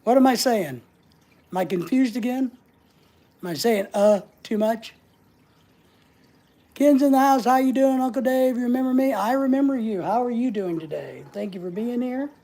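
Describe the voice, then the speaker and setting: A woman's voice: a little high, moderate pace, long pauses, mellow. A woman hosting a casual livestream, answering viewer comments in a playful, teasing way and laughing often. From United States. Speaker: livestream host.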